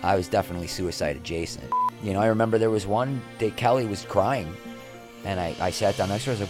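A middle-aged man telling anecdotes in a casual interview as a podcast guest, lively, with quick asides. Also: lowish voice, over music. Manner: animated anecdotes, quick asides, acts out quoted people.

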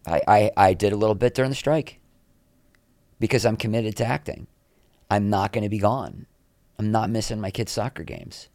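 Lively storytelling man, low voice. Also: dry recording. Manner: animated anecdotes, quick asides, acts out quoted people. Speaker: podcast guest. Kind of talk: casual interview storytelling.

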